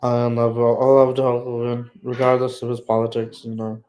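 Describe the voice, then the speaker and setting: A man hosting a casual solo livestream, talking in a soft, somber, hesitant way and searching for words. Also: medium pitch, completely flat delivery, moderate pace, poor audio. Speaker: livestream host.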